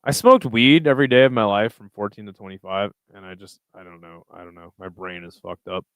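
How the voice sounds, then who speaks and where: A man's voice: fairly low pitch, expressive, brisk, fairly bright tone, dry recording. A young man hosting a live stream, chatting casually and reading viewer comments aloud in a loose, profane, rambling way. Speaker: livestream host reading chat.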